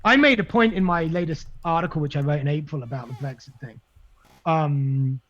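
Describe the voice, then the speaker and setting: Male guest, high-pitched, excitable and emphatic, muffled lo-fi audio. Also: moderate pace. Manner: animated, emphatic, repeats words while thinking. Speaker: guest, libertarian messaging expert. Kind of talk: casual podcast conversation. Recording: dull lo-fi sound.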